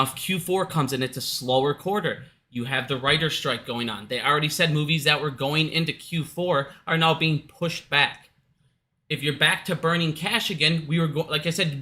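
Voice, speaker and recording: A man's voice: a little high, bright, forceful tone. A man from Minnesota giving casual, heated commentary at home, profane and repetitive, hot and out of breath. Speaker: stock market commentator. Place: his house.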